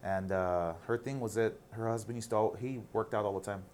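A man's voice: fairly low pitch, brisk, darkish tone, a little hiss or hum. A man in his thirties, a guest on a casual interview, telling stories candidly and animatedly, with some casual swearing.

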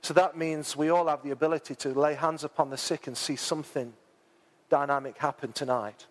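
A man preaching a sermon, chatty and informal, who rises to loud, dramatic peaks when he reads scripture aloud. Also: a little high, fairly even intonation, a little fast. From England. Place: church hall. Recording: long church hall reverb.

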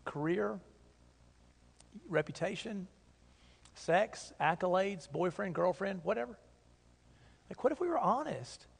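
Male pastor, high voice, earnest conversational sermon, long hall reverb. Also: expressive, a little slow, vocal fry, long pauses, breathy edge. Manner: earnest, conversational preaching with emphatic repetitions. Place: church sanctuary.

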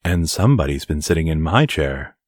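A man voicing a mother bear in a storybook, in a plain, even tone close to his own. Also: very deep voice, fairly quick, no echo, full character voice. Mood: fussy. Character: mother bear, calm and middle-sized.

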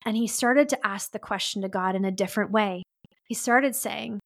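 A woman's voice: mid-range voice, moderate pace, a bit bright. A woman hosting a podcast, telling a story in an earnest, heartfelt way. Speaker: podcast host. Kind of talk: solo podcast monologue.

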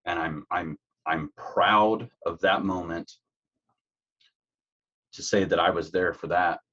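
A man's voice: low voice, fairly even intonation, slow pace, bright, forceful tone. A man speaking as an interview guest about his true crime work, earnest and heartfelt, on dull lo-fi audio. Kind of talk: conversational interview.

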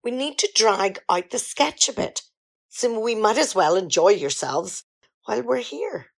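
A self-important diva singer who tells her story in a grand, theatrical way , voiced by a woman. Her voice is gravelly and husky, and it moves up and down a lot. It is a comic radio sketch. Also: fairly high pitch, expressive, measured pace, full character voice. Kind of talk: amateur radio comedy sketch.

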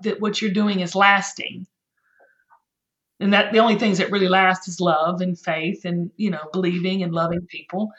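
A woman's voice: fairly low pitch, level tone, moderate pace, a bit bright. A woman guest on a podcast, speaking earnestly and emotionally in a folksy, heartfelt way. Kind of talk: heartfelt conversational interview. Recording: echoey room, dull lo-fi sound.

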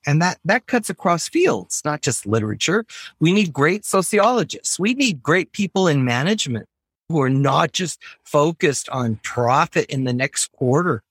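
An emphatic American man speaks as a professor guest, rambling from point to point with lively conviction. His voice sits a little high for a man. The sound is dry and close, with no room echo. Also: moderate pace, husky. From United States. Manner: animated, emphatic, digressive. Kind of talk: casual interview talk.

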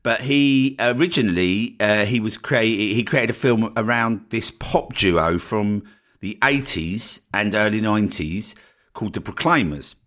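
A podcast host with an Essex accent talks to his listeners in a loose, chatty solo style. His voice sits a little low, and he keeps tagging his points with a quick "right?". The delivery is relaxed and unscripted, like he is talking things through off the cuff. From northeast Essex, England. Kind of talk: casual solo podcast talk.

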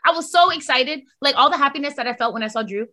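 A woman's voice: high voice, fast talker, slight background noise. A woman co-hosting a podcast, ranting in casual chat with lots of swearing. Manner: profane, animated ranting. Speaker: podcast co-host.

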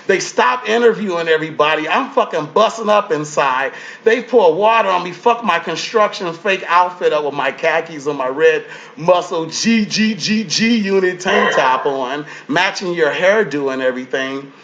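A man, a comedian and guest, telling a story in an animated, profane way and acting out other people's lines in changing voices. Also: on the high side, moderate pace, few pauses, lo-fi sound, a little hiss or hum.

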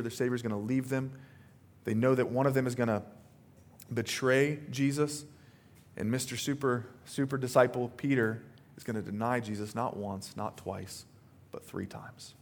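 A male pastor delivers a sermon in a relaxed, conversational way. He often checks in with the listeners with a quick "right?" and voices the quoted words as he tells them. His pitch sits in an ordinary middle range. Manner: conversational preaching with frequent "right?" asides, acts out quotes.

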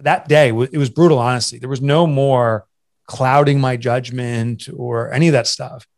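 With a steady tone, medium pitch, and moderate pace, a man in his forties recounts his story in an interview. As a guest entrepreneur and author, he speaks candidly, earnestly, and confessionally, restarting often. He becomes emotional and at times chokes up, his voice catching.

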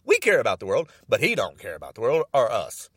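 A man's voice: medium pitch, huge pitch swings, quick pace, a bit bright, husky, no echo, clean studio sound. An older man in an angry, agitated political rant, repeating himself and stumbling over restarts.

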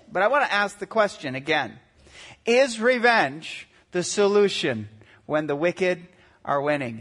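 High-voiced man in his forties preaching. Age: 40s. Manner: animated, acts out quotes with shifting voices. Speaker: pastor. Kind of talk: sermon.

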